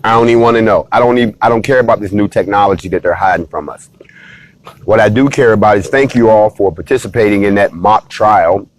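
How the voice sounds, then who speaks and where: A man hosting a casual, animated monologue, playfully talking straight to his viewers. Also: fairly low pitch, quick pace. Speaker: host of a talk stream.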